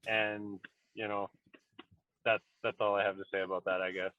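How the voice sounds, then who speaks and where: A man's voice: fairly low pitch, flat delivery, normal speed. A man co-hosting a podcast in casual chat, thinking aloud with many restarts. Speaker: podcast co-host. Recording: tinny phone-like line, dry.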